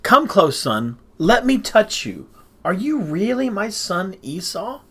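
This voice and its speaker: A man's voice: sits high, big pitch swings, slow pace, a bit bright, slightly rough, pitched above the performer's own voice, full character voice. A man reading aloud and voicing an old blind father who questions anxiously in a raised voice. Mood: questioning.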